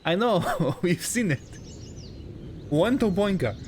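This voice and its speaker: A man's voice: high-pitched, big pitch swings, takes it slowly, a little mellow, slight background noise. A young man joking and sarcastic as he streams a video game casually. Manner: joking, sarcastic, breaks into silly voices. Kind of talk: casual live-stream commentary.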